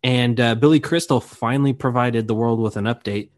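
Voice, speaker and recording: A man's voice: medium pitch, fairly quick, no echo, clean studio sound. An American man hosting a podcast, chatting and reading news with frequent laughter. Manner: giggly, slips into laughter. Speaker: podcast host. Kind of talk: casual chat and reading news.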